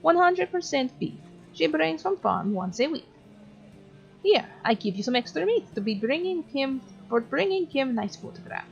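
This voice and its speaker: A motherly, chirpy school lunch lady from a video game speaks in a high, lilting voice, put on by a woman. Her broken English has a thick foreign-sounding accent, and there is a slight gravel under the brightness. The recording sounds a little dull and lo-fi. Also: big pitch swings, normal speed, faint music behind, full character voice.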